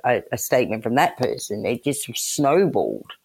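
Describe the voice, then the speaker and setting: Animated woman telling her story. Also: very deep voice, moderate pace, gravelly, breathy edge. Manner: animated, acts out quoted exchanges, laughs. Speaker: guest. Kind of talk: personal storytelling.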